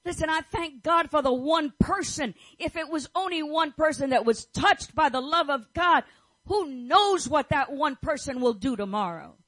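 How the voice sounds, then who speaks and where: A woman's voice: high-pitched, expressive, normal speed, fairly bright tone, no echo, low-quality recording. A middle-aged woman preaching a fervent sermon, declaring and repeating her phrases as she prays over the listeners. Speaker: pastor's wife preaching.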